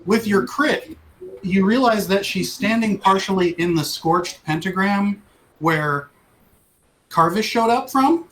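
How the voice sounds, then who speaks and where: A man's voice: high voice, animated, slow, a bit bright, a little hiss or hum. A man running a tabletop game as dungeon master, narrating in a playful, rambling way and laughing at his own story.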